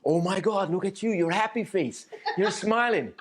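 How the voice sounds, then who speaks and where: A man's voice: high voice, moderate pace, slightly rough, pitched above the performer's own voice. A man mimicking a gushing baby-talking woman. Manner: squealing, sing-song baby talk. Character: doting woman owner gushing baby talk at her dog.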